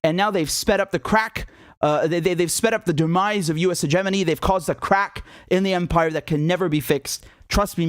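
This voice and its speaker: A young man hosting a live political commentary stream, animated and scornful, laughing often and restarting his sentences. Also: high-pitched, no echo, studio quality.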